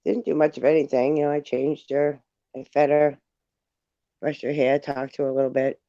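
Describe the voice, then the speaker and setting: Animated woman telling stories, dull audio. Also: sits low, moderate pace, no echo. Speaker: livestream guest. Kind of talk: casual chat, storytelling.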